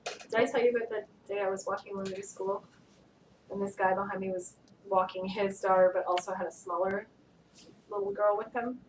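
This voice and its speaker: A woman's voice: medium pitch, a little fast. A woman chatting casually with coworkers, telling stories with lots of laughter. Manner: giggly, animated storyteller. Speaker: staff member on a game studio video. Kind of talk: casual office chat. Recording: roomy, distant office recording with faint hiss.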